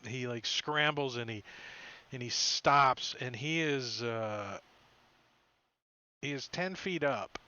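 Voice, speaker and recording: A man's voice: mid-range voice, slow pace, long pauses, pushed and bright, smooth. A man narrating as dungeon master, in a loose, rambling way that slips into goofy creature voices. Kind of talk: narrating a tabletop game. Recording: dull lo-fi stream audio.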